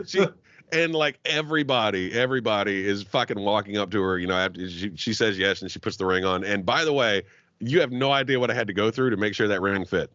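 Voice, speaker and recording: A man's voice: fairly low pitch, moderate pace, no echo. A man telling a long, profane story on a podcast and acting out the quotes, a podcast guest chatting casually. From Arab heritage. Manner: profane, animated storyteller who acts out quotes. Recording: dull, dry lo-fi podcast audio.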